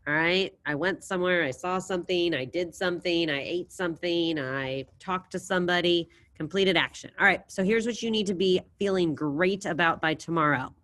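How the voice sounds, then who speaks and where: A woman's voice: lowish voice, moderate pace, hardly any pauses, fairly bright tone. Encouraging woman teaching an online class. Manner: encouraging, drills verb endings aloud with students. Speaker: Spanish teacher.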